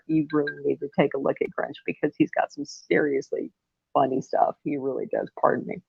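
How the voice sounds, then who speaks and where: A woman with a fairly low voice chats casually on her livestream from home. Her talk is rambling and effusive, with frequent laughs. The sound is thin and phone-like, with a dry, close feel. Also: a little fast, creaky, breathy edge, dry recording. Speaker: livestream host.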